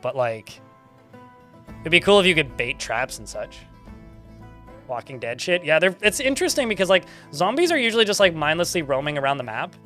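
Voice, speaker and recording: A man talks through his game in a loose, chatty way, with frequent laughs and a bit of swearing. His voice sits a little high and bright, and it moves lively up and down. Faint music plays behind him. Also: fairly quick. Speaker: streamer playing a game. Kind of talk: casual gameplay commentary.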